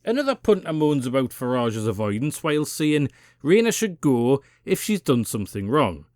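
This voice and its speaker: A Geordie man runs a political rant channel, his medium-pitched voice sing-song, darkish, and at a normal pace. The recording is dry and clean, studio quality. He's profane, sarcastic, and combative, cursing freely and skewering his targets with biting mockery.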